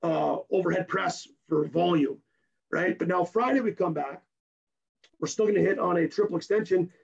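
A strength coach, a man, explaining his training program in rapid, technical detail in a podcast interview while hoarse from losing his voice. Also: sits high, highs cut off. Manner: rapid and technical, keeps tagging "right?".

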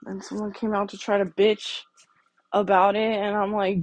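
A woman's voice: mid-range voice, steady tone, fairly quick, a little mellow, no room sound. A woman hosting a podcast, talking casually and bluntly on her own in a garage, swearing heavily as she rants. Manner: blunt, heavily profane, ranting. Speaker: podcast host. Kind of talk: casual solo monologue.

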